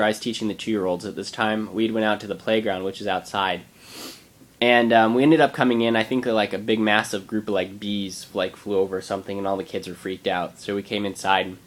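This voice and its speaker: A man's voice: medium pitch, a bit bright. A young man casually telling funny stories from his daycare job, rambling with lots of fillers and chuckling now and then. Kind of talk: casual storytelling vlog.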